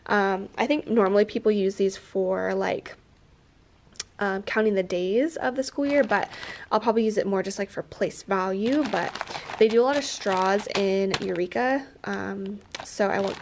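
With a creaky, medium-pitched voice and background noise around her, a young woman in her twenties vlogs from a school classroom. The teacher is chatty and upbeat, fills her talk with "um"s and the like, and is stuffy-nosed from allergies.

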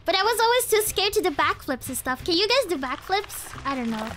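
A woman's voice: extremely high pitch, big pitch swings, brisk, noisy background. A young woman streaming a game live, giggly and playful, with lots of slang, laughing often at what happens on screen.

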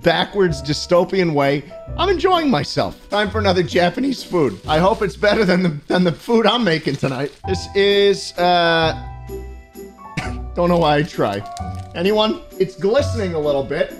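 A young man streaming a motion-control cooking game, giving sarcastic comedic commentary and breaking into shouts and laughter. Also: high voice, a little slow, faint music behind. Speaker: gaming streamer.

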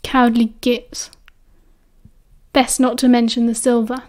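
A woman's voice: on the high side, level tone, unhurried, a little mellow, close to an everyday voice. A woman with a British accent voicing an exhausted, guarded teenage schoolboy who murmurs curt replies. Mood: weary, stern.

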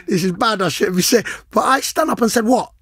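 Animated high-voiced man telling stories. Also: fairly quick, breathy edge, no room sound. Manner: animated, slangy, acts out quoted lines. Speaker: podcast co-host, former footballer. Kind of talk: casual chat, storytelling.

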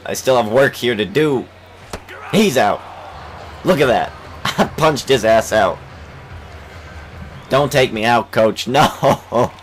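A young man giving let's play commentary on a baseball game, swearing and shouting in frustration at his team. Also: lowish voice, a little hiss or hum, poor audio. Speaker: gaming channel host.

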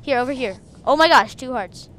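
A woman hosting a game video, chatting casually and breaking into excited shrieks. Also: high voice, brisk, slight background noise. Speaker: gaming video host. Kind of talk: casual gameplay commentary.

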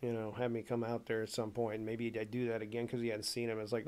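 A man talking casually and profanely on a stream, telling animated stories. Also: lowish voice, fast talker, few pauses. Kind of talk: casual rant.

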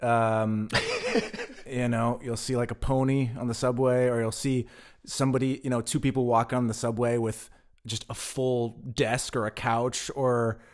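A man's voice: medium pitch, expressive, unhurried. A man from the United States, a guest in a casual chat who tells stories and often repeats words when he starts a sentence. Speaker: podcast guest.

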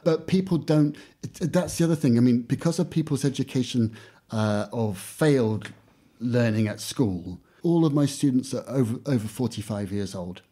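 A man's voice: medium pitch, normal speed, warm tone, slightly rough. A man who teaches English, talking casually in an interview and acting out classroom exchanges, with lots of "you know" fillers.

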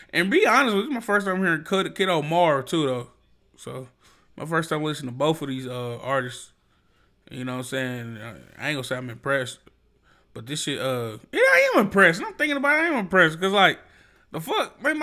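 A young man hosting a music reaction, talking in a loose, slangy, rambling way and bursting into excited shouts. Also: high-pitched. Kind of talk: casual reaction commentary.

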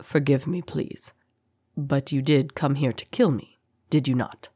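A woman puts on a deep-voiced male rebel leader for a fantasy audiobook. He speaks low, quiet and slow, smooth and courtly with a cold threat. The recording is dry and close. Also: lively intonation, dry recording, heavily acted. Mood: eerily calm. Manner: smooth, courteous, soft-spoken.

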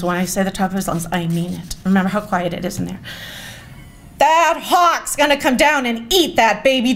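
A woman's voice: mid-range voice, slight background noise. A woman telling a funny story at a gala. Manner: animated, self-mocking storyteller with audience asides. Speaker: speaker at a gala. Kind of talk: storytelling speech. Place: event hall.

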